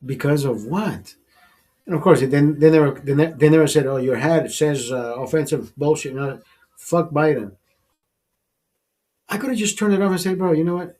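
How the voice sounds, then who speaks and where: A man's voice: a little high, normal speed, darkish tone. A man hosting a live stream who tells a rambling, profane story in casual chat, laughing often and repeating himself. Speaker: show host. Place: studio.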